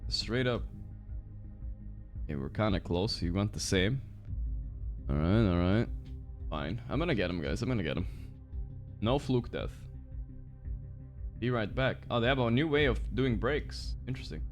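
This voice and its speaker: A man streaming a game, chatting casually with his viewers, swearing freely and reacting out loud. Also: lowish voice, animated, moderate pace, long pauses, faint music behind. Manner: swears freely, reacts loudly, talks to chat. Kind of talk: casual livestream chat while gaming.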